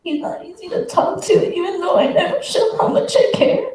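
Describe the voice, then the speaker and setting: A teenage girl reading her own poem aloud at a school event, soft-spoken with a nervous laugh. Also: very high-pitched, moderate pace. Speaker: student poet. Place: school auditorium. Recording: echoey hall from far off, faint noise.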